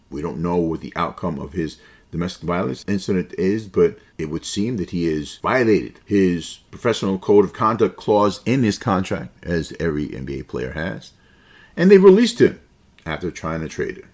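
A man in his forties hosting a basketball podcast, opinionated and conversational, with slang asides. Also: low-pitched. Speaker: podcast host. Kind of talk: casual basketball commentary.

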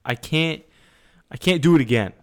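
A man's voice: a little high, normal speed. A young man co-hosting a podcast, chatting casually and getting worked up as he retells his stories. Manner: animated storyteller, gets heated retelling. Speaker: podcast co-host. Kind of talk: casual chat.

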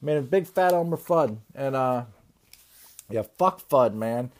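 A man hosting a podcast in a crude, rambling comedic rant, swearing constantly and often trailing off into low mumbles. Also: expressive, unhurried. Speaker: podcast host.

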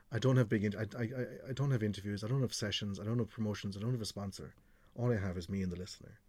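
A man's voice: lowish voice, mellow, no room sound. A middle-aged Irish man, a radio presenter telling stories in a frank, chatty way and swearing freely. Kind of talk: podcast conversation, storytelling.

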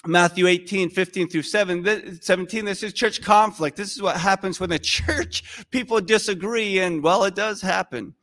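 A male pastor giving a sermon in a conversational, animated storytelling way. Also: sits high, normal speed, hardly any pauses.

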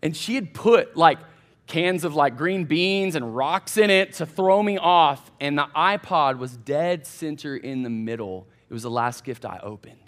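A man preaching to college students in a church, his voice sitting high for a man. He tells stories in a loose, chatty way and speaks right to the listeners. It sounds like a relaxed sermon. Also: measured pace. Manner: chatty, animated anecdotes addressing the crowd directly. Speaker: college pastor. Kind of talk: casual storytelling sermon.

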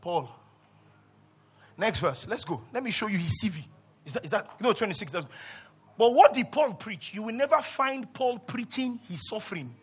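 A male pastor preaching a sermon, swinging from low murmurs to loud shouts and acting out scripture voices. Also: animated, normal speed, husky. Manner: acts out scripture voices and asides.

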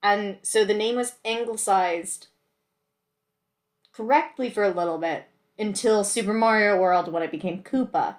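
A woman's voice: medium pitch, unhurried. A woman co-hosting a casual podcast chat, explaining game trivia in a chatty, matter-of-fact way. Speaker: podcast co-host.

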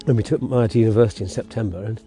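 A man's voice: lowish voice, rapid-fire, mellow, soft background music. A man hosting a podcast, telling a rambling story outdoors while walking his dog and breaking off to talk to it. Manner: rambling, self-interrupting, chatty with his dog. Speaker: podcast host. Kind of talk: casual storytelling monologue.

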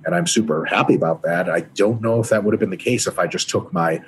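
A man's voice: sits low, quick pace, a little hiss or hum. Brash, profane man talking. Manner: profane, emphatic storyteller. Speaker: guest. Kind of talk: casual podcast interview.

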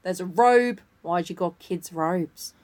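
A woman's voice: lowish voice, slow pace, a little mellow. A woman co-hosting a podcast, reacting in casual chat with teasing remarks and dramatic exclamations. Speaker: podcast co-host.

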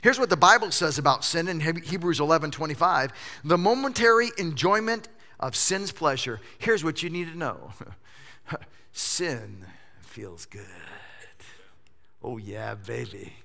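A male pastor preaching a sermon, telling funny stories in an animated way. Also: fairly high pitch, moderate pace. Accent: Southern US. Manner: animated storytelling with jokes.

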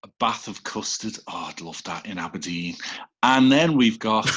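A man's voice: on the low side, expressive, normal speed, a bit bright, slightly rough. A man with a Liverpool accent hosting a casual podcast over a video call, teasing and swearing at his friends. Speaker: episode host.

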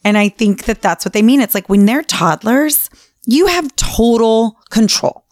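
A woman's voice: a little high, lively intonation, unhurried, dry recording, clean studio sound. Candid mother chatting on a podcast. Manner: candid, laughs often, swears casually. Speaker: podcast co-host. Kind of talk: casual chat.

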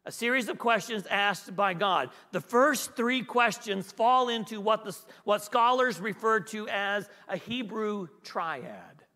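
A man's voice: high voice, measured pace, hardly any pauses, pushed and bright, big-room sound. A man preaching as a guest pastor. He repeats key phrases for emphasis and asks the congregation questions in a conversational way. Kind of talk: sermon.

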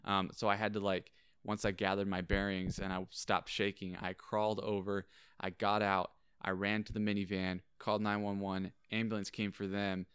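A young man, a podcast co-host, telling a story dramatically and building suspense with slow pauses. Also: on the low side, little pitch movement, fairly bright tone, clean tone, no echo, clean studio sound. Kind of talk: animated storytelling.

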